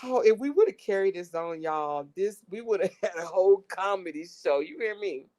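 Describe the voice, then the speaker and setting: A woman's voice: medium pitch, expressive, moderate pace, a little mellow. A woman giving casual commentary to her viewers, breaking into fits of laughter. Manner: laughing fits, slangy, addresses viewers as y'all. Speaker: commentary vlogger.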